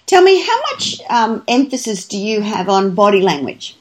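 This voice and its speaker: A woman's voice: mid-range voice, big pitch swings, normal speed. A woman interviewing a guest, asking questions and giving short attentive replies. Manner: attentive, brief affirmations. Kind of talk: conversational interview.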